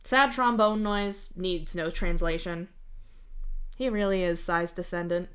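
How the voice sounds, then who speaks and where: A woman with a slightly low voice reading fan fiction aloud on a live stream. She narrates steadily, restarting a phrase now and then. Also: measured pace.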